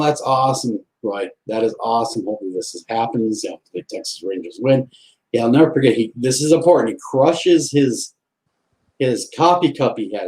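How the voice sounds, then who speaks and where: A man with a warm, mellow voice tells a personal ghost story in a relaxed interview. He acts out the other people's lines as he goes, like an animated storyteller. He sounds like he is on a video call from home. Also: medium pitch, echoey room, low-quality recording. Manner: animated storyteller acting out quoted dialogue. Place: home, on a live video stream.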